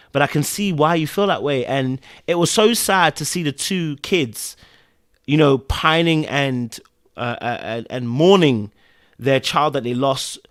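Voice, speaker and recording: Animated man recapping TV. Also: medium pitch, unhurried, no room sound, clean studio sound. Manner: animated, repeats phrases for emphasis. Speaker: TV recap podcast host. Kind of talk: casual recap commentary.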